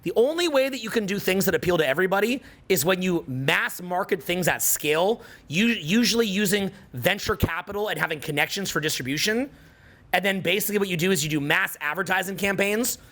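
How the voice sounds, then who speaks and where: Emphatic high-voiced Canadian coach. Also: male voice, animated, a little fast, fairly bright tone. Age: middle-aged. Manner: emphatic, preachy, repeats phrases for effect. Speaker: social skills coach. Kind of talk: motivational seminar talk.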